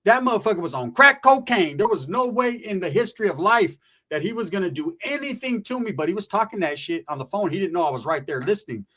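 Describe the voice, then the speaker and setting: A man's voice: sits high, lively intonation, fast talker, bright, forceful tone. A middle-aged man casually telling a profane, streetwise story from his past, often tagging his lines with "right?".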